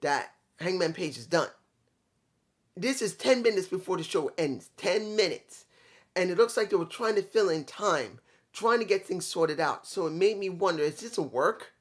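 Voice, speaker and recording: A man's voice: sits high, expressive, normal speed. A man reviewing a wrestling show in a casual, rambling way, with some swearing and restarts.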